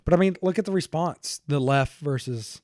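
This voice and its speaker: A young adult man, a guest on a podcast, talking casually in a relaxed way and chuckling often. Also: a little high, normal speed, dry recording, clean studio sound. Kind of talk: casual conversation.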